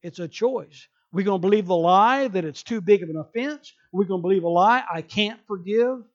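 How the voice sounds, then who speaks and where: A man's voice: sits high, brisk, lo-fi sound. A male pastor preaching a sermon emphatically, acting out people's excuses in quoted voices.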